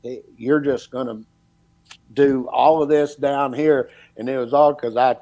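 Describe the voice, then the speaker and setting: A middle-aged man tells a long story in casual chat, quoting everyone along the way. His voice sits at an ordinary pitch. The sound is dry and close. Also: steady tone, measured pace, warm tone, dry recording, rough recording. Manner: folksy, retells dialogue with repeated "he goes" and "I said". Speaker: podcast guest, former electrical inspector.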